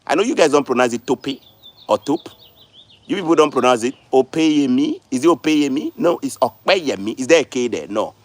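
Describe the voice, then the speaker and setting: A man's voice: mid-range voice, lively intonation, fast. A man, hosting a casual livestream and lecturing his viewers, repeating words for stress. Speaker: livestream host.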